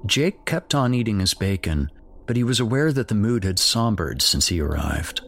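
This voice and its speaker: A man with a very deep voice reads a horror story aloud in a measured, grim manner. His intonation rises and falls expressively along the lines, with a faint hiss underneath. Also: big pitch swings, gravelly, fairly bright tone. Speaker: narrator. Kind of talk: scripted horror story narration.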